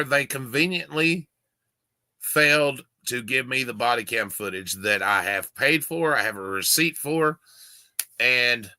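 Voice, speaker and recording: Male video host, casual heated commentary, bright tone, dry close mic. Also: mid-range voice, no room sound. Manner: emphatic, indignant, doting with his dog.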